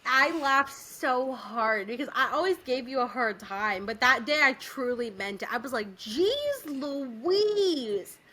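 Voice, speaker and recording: A young adult woman chatting casually on a podcast, her voice bright and forceful. She retells scenes in an animated, giggly way. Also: a little high, moderate pace, few pauses. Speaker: podcast co-host. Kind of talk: casual chat.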